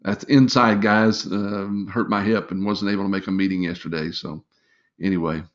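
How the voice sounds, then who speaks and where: A man's voice: on the low side, steady tone, moderate pace. A middle-aged man training salespeople in a live webinar, chatty and encouraging, with lots of fillers. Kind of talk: casual live webinar talk. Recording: slightly dull lo-fi webinar audio.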